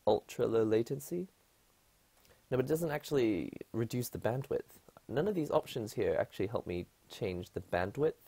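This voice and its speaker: A man's voice: medium pitch, lively intonation, moderate pace, gravelly, warm tone, slightly rough. A man chatting casually on a live stream from his apartment, rambling and laughing often.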